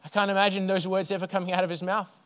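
A man preaching a sermon to his church, building rhythmic lists and then dropping to a soft hush. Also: sits high, little pitch movement, rapid-fire, clean tone. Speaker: pastor.

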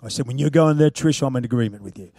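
A man preaching a sermon, moving from loud, punchy calls to quiet, chuckling storytelling. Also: medium pitch, fast, no room sound, clean studio sound.

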